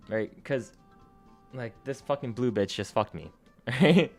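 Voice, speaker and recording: A young man with a mid-range voice tells a storytime recap in a loose, slangy way, swearing and piling up fillers. His energy swings between hushed asides and loud outbursts, and soft music plays underneath. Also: mid-range voice, a little slow, long pauses. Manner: rambling, slangy and profane, many fillers; animated, jumps up and down in energy. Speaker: gaming storyteller.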